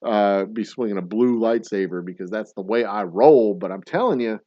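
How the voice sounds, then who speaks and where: A man's voice: lowish voice, normal speed, no echo, dull audio. A middle-aged man hosting a casual trivia livestream, rambling and swearing in mock-grumpy rants. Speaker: trivia game host.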